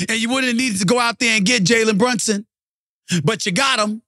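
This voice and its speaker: A man's voice: brisk, no echo, clean studio sound. Fired-up man ranting about sports. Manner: heated, swings from low grumbling to high shouting. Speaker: sports commentary host. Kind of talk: animated sports rant.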